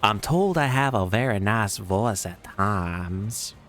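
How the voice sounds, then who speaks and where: A man's voice: fairly low pitch, slow, faint music behind. A young man with a Southern US accent, casually joking and swearing through live gameplay commentary. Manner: joking, swearing, bursts of excited laughter. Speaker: streamer.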